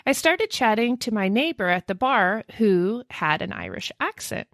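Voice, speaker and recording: A woman co-hosting a chatty podcast and telling a ghost story with plenty of gasps and laughs. Her voice sits at a middle pitch. The recording is close and dry, with no room sound. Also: very animated, normal speed, creaky, fairly bright tone, dry recording. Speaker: podcast co-host. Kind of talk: casual chat, reading a listener's email aloud.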